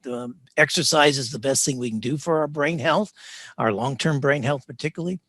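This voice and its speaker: A man, a leadership coach, speaking as an interview guest; he gets excited and then deliberately slows and calms his voice. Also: medium pitch, no echo. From United States. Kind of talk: interview over video call.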